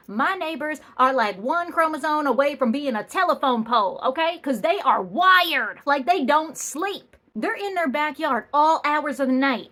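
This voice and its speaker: A woman's voice: high voice, a bit bright. A young adult woman telling a funny story with sassy punchlines and exaggerated asides. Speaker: comedian. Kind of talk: comedic storytelling.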